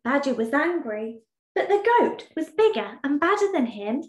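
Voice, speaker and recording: A woman teacher tells a story to young children in a high, lively, sing-song voice, taking her time over each phrase. Her voice rings a little in an echoey room. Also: moderate pace. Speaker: primary school teacher. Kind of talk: reading a storybook aloud in an online lesson.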